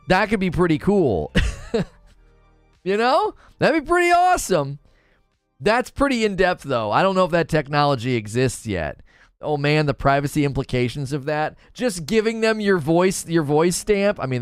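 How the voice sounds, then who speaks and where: A man hosting a live gaming stream, chatting back to viewers in an animated way with quick restarts. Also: a little high, clear, resonant tone. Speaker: gaming channel host. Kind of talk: live-stream chat reading viewer comments.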